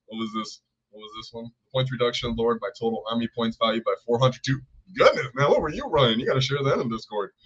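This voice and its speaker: Rambling, upbeat man on a stream. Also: mid-range voice. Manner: enthusiastic, rambling, shouts out viewers. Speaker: co-host. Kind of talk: casual live-stream chat. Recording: dull lo-fi stream audio.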